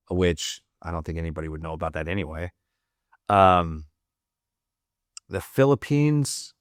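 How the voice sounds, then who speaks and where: Veteran podcast guest, male, deep voice, salty and loose, dry studio sound. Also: clean tone, no room sound. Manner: profane, rambling, full of "like" fillers. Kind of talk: casual storytelling.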